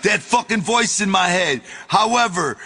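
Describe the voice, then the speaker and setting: A man reading his own memoir aloud in a casual, profane storytelling manner that bursts into shouts. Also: high-pitched, animated, moderate pace, long reverb tail.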